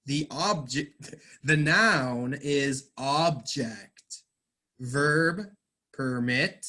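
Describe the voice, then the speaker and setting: A man teaching English, explaining slowly and patiently, stressing words. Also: on the high side, bright, forceful tone. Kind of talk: online class teaching.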